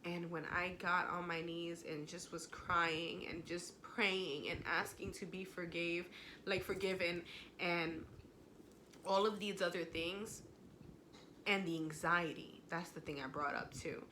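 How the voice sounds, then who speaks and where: A woman's voice: fairly low pitch, fairly even intonation, a little slow, sharp tone, a little hiss or hum. A young woman telling viewers a personal faith story at home, emotional and conversational, speaking to them directly. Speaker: vlogger.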